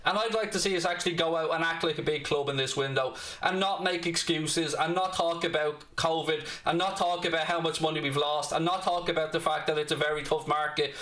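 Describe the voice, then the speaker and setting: A man's voice: on the high side, steady tone, fairly quick, few pauses, bright, forceful tone. Blunt, cheeky Dublin Irish man. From Ireland, Dublin. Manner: blunt, cheeky, swears freely. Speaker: fan channel host. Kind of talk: football watchalong chat. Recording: roomy echo.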